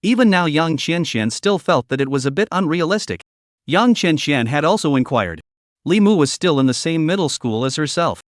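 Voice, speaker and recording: A man reads a fantasy comic recap as scripted narration, his voice sitting a little high and moving animatedly up and down. The recording is dry and close, with no room echo. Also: animated, normal speed.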